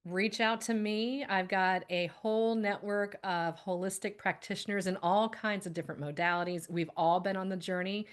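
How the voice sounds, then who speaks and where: A woman's voice: medium pitch, steady tone, moderate pace, hardly any pauses, clear, resonant tone. A woman guest on a podcast, speaking in an upbeat, casual conversational way and laughing often. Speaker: guest, holistic practitioner.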